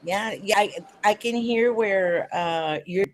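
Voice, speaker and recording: Halting, enthusiastic female radio host. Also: medium pitch, a little hiss or hum, low-quality recording. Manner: enthusiastic, halting, with many fillers. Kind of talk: casual radio interview.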